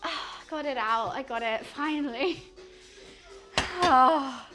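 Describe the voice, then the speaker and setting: A woman's voice: high voice, slow, over music. A young British woman chatting casually with her live-stream audience while cooking, laughing often and swearing freely. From United Kingdom.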